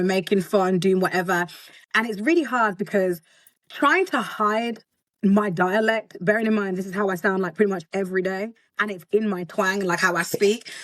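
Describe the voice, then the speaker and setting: A woman's voice: mid-range voice, a bit bright, no room sound. A woman from Britain, a content creator chatting as an interview guest in a bubbly, boisterous way. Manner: bubbly, boisterous, laughs often. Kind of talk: casual interview chat.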